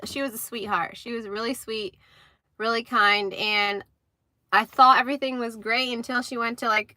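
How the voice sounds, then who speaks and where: Young female streamer, chatty storyteller, bright, dry sound. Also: fairly high pitch, dry recording. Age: young adult. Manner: chatty, animated retelling with acted-out quotes. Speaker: livestream host. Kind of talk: casual livestream storytelling.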